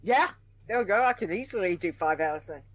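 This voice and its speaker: A woman's voice: mid-range voice, lively intonation, brisk, no room sound, rough recording. A woman co-hosts a gaming podcast, chatty and prone to giggling. Her voice sits close and dry with no room sound. She runs through thank-yous and sign-offs in easy casual talk. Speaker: podcast co-host.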